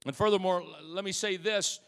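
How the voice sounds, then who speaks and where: A man preaching a sermon as pastor in a church, swinging between loud exclamations and hushed asides and calling out to the congregation. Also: high voice, steady tone, a little fast, vocal fry, clean tone. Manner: calls out to the congregation. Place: church sanctuary. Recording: long church hall reverb.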